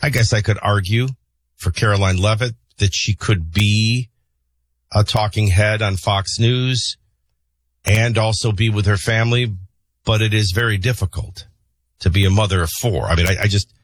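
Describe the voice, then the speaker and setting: A man hosting a morning talk radio show, mixing news headlines with opinionated, conversational commentary and frequent filler pauses. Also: lowish voice, no echo, studio quality. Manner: opinionated, conversational, sarcastic asides. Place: radio studio. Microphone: studio broadcast mic.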